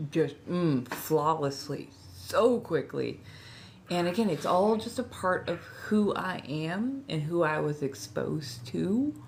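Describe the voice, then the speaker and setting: A woman's voice: fairly low pitch, slight background noise. A woman from Southern California with a Californian accent, chatting casually with her livestream chat, often repeating herself as she reads and answers. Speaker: ASMR livestream host.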